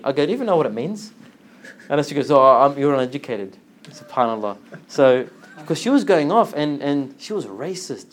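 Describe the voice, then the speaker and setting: A man giving an informal religious talk, telling a story with lively acted-out dialogue and frequent laughter. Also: mid-range voice, moderate pace. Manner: animated storytelling, acts out dialogue, laughs often. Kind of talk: informal religious lesson with anecdote.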